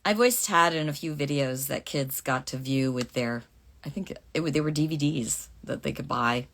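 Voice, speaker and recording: Low-voiced chatty woman voice actress. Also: normal speed, a bit bright. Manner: chatty, reads fan questions aloud. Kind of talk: live streamed fan Q&A.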